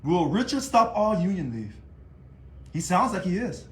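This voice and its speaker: Animated high-voiced man, echoey room. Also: normal speed. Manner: animated, taunting, rhetorical questions. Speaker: union leader. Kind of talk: casual video monologue.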